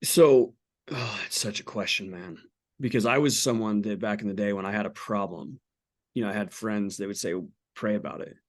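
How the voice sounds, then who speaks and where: A man's voice: fairly low pitch, normal speed. A man in his forties, a podcast guest, talking candidly about faith in an earnest, blunt way with casual swearing. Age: 40s.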